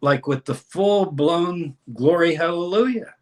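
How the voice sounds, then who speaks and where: A man speaking as a guest scholar in an interview, explaining a text with lively emphasis and reading passages aloud. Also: on the high side, measured pace. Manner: animated, reads scripture aloud with dramatic emphasis. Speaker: scholar and course teacher, guest.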